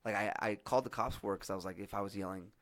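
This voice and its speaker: Hoarse young man telling a wild story. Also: on the low side, very fast, no room sound. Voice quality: husky. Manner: profane, rambling, animated storytelling with many fillers. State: hoarse from yelling. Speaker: podcast host. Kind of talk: casual storytelling chat.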